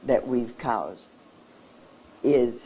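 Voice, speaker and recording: A woman giving an earnest, emotional talk at a seminar, speaking haltingly and repeating herself as she searches for words. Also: extremely low pitch, mellow, husky, rough recording.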